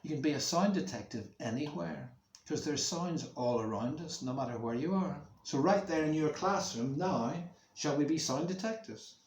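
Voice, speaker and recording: A man's voice: a little high, a little hiss or hum. A male music teacher reading a story to schoolchildren, acting out the sounds with expression, recorded in a room at home. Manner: slow, expressive, making sound effects for kids. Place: room at home near a main road, window open. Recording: roomy echo.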